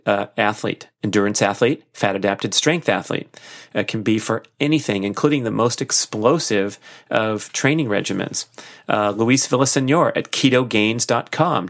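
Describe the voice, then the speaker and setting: A man's voice: on the low side, gravelly. A middle-aged man hosting a podcast alone, talking casually and enthusiastically with frequent fillers. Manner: enthusiastic, chatty, many fillers. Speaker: podcast host. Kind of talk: casual solo podcast monologue.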